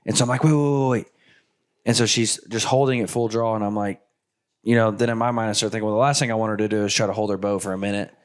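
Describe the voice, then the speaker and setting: Excitable man telling a hunting story. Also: lowish voice, racing. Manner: animated, excitable retelling with lots of "like". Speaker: hunting show host. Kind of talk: casual storytelling with guests.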